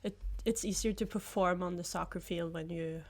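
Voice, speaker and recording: Norwegian woman, low voice, laughing often. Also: fairly even intonation, moderate pace. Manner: laughs often, short agreeing replies. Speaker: podcast guest, former soccer player. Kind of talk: casual interview chat.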